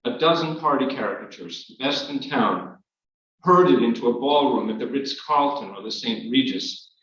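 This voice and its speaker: Male author at a live reading, dry, measured delivery; distant, dull recording with heavy room echo. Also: medium pitch, expressive, a bit bright. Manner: measured, wry storytelling. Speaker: author reading his work. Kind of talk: reading a memoir aloud. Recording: echoey hall, distant, dull.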